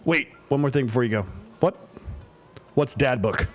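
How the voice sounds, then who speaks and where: A man's voice: medium pitch, normal speed, pauses often, faint music behind. A man reading a story game aloud for a let's play, voicing the dad character, with playful joking asides. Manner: playful, joking asides between read lines.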